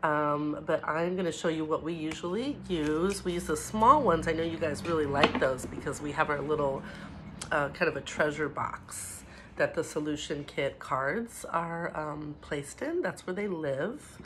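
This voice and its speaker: Low-voiced teacher lady talking to little kids from home, gentle, soft hiss behind. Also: unhurried. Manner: gentle and encouraging, slips in Spanish words. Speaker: preschool teacher. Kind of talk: home video lesson for young children.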